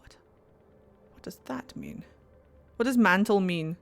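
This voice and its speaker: A woman's voice: medium pitch, animated, unhurried, creaky. A woman streaming a video game, chatting playfully to herself and her viewers, swearing freely and breaking into silly voices. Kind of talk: casual let's-play commentary.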